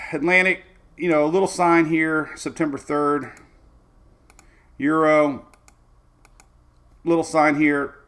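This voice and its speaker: The weather host here, a man from Florida, has a slightly high, fairly bright voice. His talk is casual and loose as he moves through forecast maps, sprinkling in fillers and playful remarks.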